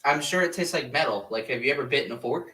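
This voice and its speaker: A man's voice: mid-range voice, animated, fast talker, pushed and bright, recorded from a distance. A man hosting a podcast in casual chat, rambling and joking, recorded in an echoey room away from the mic. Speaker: podcast host.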